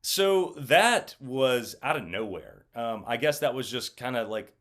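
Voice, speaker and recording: A young adult man, an actor, chatting in an interview and telling lively stories with lots of fillers. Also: medium pitch, a little slow. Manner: animated storyteller, acts out quotes. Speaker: actor guest. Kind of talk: casual interview chat.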